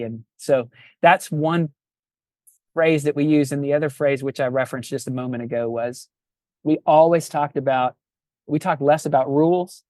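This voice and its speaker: A man's voice: fairly high pitch, normal speed, darkish tone, dry recording. A man in his fifties, a pastor, talking reflectively on a podcast and often restarting his phrases. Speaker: pastor and guest. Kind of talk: casual podcast conversation.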